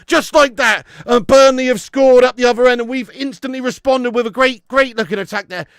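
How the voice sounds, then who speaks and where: A man hosting a live football watch-along, shouting at the players, swearing freely and chatting with viewers. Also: very high voice, a little fast, clear, resonant tone, dry recording, studio quality. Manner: excitable, sweary, shouts at the screen; reads out and answers viewer chat. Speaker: watch-along streamer host.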